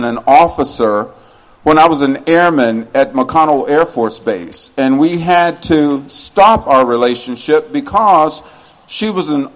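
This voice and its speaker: A man's voice: fairly high pitch, poor audio. A man from West Virginia, a spoken word poet, delivering his poems live on stage with a rhythmic, rhyming, swaggering flow. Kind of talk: spoken word poetry performance.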